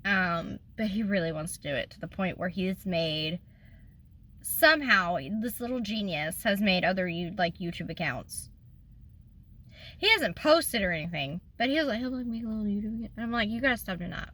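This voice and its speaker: A woman's voice: mid-range voice, lively intonation, normal speed, sharp tone. A woman, talking in a rambling, emotional way in a casual personal vlog, tearful at times. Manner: rambling and emotional, trails off and restarts. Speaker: vlogger.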